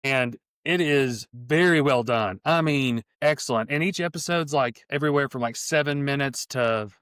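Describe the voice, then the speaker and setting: A man's voice: medium pitch, normal speed, fairly bright tone, smooth, dry recording, studio quality. A middle-aged man co-hosting a casual sports podcast, talking with enthusiasm and many restarts. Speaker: podcast co-host.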